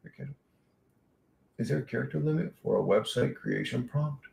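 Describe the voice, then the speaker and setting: Casting: male livestream host, gravelly mid-range voice, loose profane rambling, echoey room. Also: medium pitch, moderate pace, long pauses, warm tone. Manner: rambling, profane, reads chat aloud. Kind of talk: casual livestream chat.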